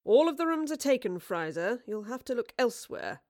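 A woman's voice: mid-range voice, moderate pace, dry recording, clean studio sound, lightly acted. A woman playing a wry, defiant male playwright who speaks in formal period phrasing. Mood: mocking. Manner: clipped, formal period speech.

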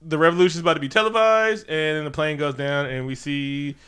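Bright, clear-voiced man recapping a movie. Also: on the high side, fairly quick. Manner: animated, laughs often, acts out characters' lines in voices. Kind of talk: casual movie recap chat.

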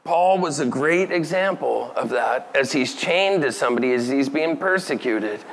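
A man's voice: medium pitch, lively intonation, normal speed, slight background noise. A middle-aged man preaching a sermon, talking casually and asking the audience questions. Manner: conversational, asks the audience questions, laughs lightly. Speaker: pastor.

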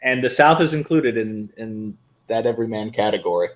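A man's voice: on the low side, animated, fairly quick, dull audio. A man co-hosting a casual sports podcast, making dry, understated quips. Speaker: podcast co-host.

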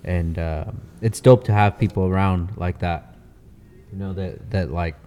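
A man's voice: deep voice, steady tone, a little slow, warm tone, clear, resonant tone, in a large hall. A man hosting a casual interview, giving his guest short, encouraging replies. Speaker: podcast host.

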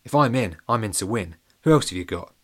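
A man doing an excitable young schoolgirl, squealing high. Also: brisk, breathy edge. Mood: determined.

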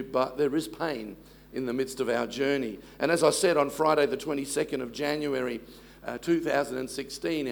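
Man, 60s, pastor, sermon, gravelly, slightly high voice, humorous storytelling. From Australia. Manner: warm storytelling with self-deprecating humor.

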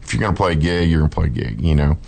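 A man's voice: extremely low pitch, racing, gravelly, a little mellow. Older man telling rambling rock stories. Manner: rambling, laid-back, lots of "you know". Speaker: guitarist guest. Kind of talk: anecdotal storytelling.

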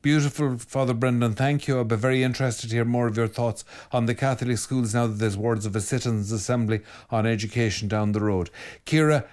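Blunt Irish priest, low voice. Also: male voice. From Ireland. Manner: blunt, animated, reads comments aloud then answers them. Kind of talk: answering listener comments.

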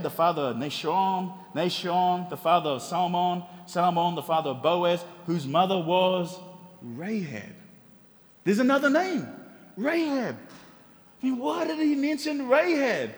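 A man's voice: high voice, long reverb tail. A middle-aged man preaching a sermon in a church, telling stories with humor and rhetorical questions. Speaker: pastor.

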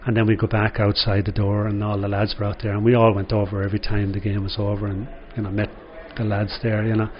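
A man's voice: lowish voice, monotone, fast talker, few pauses, muffled recording, slight background noise. An older Irish man, a former footballer, telling rambling anecdotes in an interview with lots of "you know". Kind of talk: storytelling interview.

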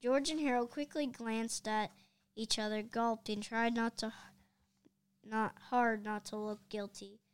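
A woman reading a children's chapter book aloud, lively and expressive. Her voice is very smooth and crisp, a little high, and recorded close and dry. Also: unhurried, no room sound. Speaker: reader.

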